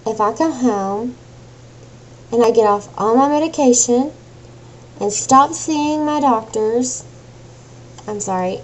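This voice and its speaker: A woman's voice: fairly high pitch, a little mellow, low-quality recording. A young adult woman venting in an emotional personal rant, agitated and exasperated, swearing now and then. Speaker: vlogger.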